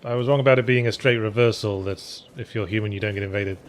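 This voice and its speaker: A man's voice: lowish voice, steady tone, fast. A man co-hosting a let's play with casual gameplay commentary, dry and teasing as he guides the other player.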